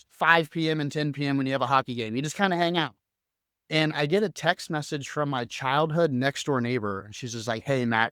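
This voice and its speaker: A man's voice: fairly high pitch, fairly bright tone, clear, resonant tone, dry recording, clean studio sound. A young adult man co-hosting a podcast, telling a personal story casually and animatedly, full of fillers and acted-out quotes. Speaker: podcast co-host.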